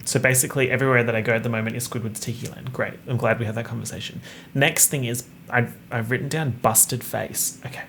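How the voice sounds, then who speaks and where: A man's voice: medium pitch, steady tone, quick pace, noisy background. A young man hosting a solo podcast, joking and swearing casually as he wanders off on tangents. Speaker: podcast host. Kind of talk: rambling solo podcast chat.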